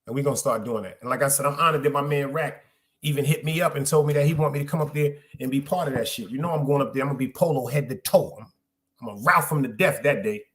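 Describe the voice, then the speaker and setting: A man's voice: medium pitch, quick pace, a bit bright. A middle-aged man, hosting a podcast in loose, streetwise solo chat, repeating phrases for emphasis. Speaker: podcast host. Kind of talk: casual solo livestream chat.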